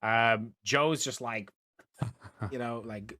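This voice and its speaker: A man's voice: medium pitch, a little slow, fairly bright tone. A man narrating as game master for a tabletop game, talking loosely with lots of fillers and restarts. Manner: rambling, many fillers and restarts.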